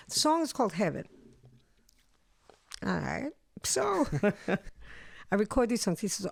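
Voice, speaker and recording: A middle-aged woman musician, a guest in an interview, telling animated stories from her career and acting out the people in them. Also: medium pitch, takes it slowly, gravelly, long pauses, no room sound, clean studio sound. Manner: animated storyteller, acts out voices. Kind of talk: storytelling interview chat.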